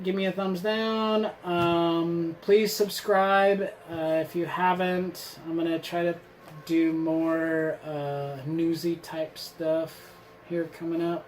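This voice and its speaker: A man's voice: fairly high pitch, flat delivery, takes it slowly, a little hiss or hum, poor audio. A man casually reviewing a survival gear box on his channel, rambling and sarcastic, swearing freely. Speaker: vlogger reviewing a subscription box.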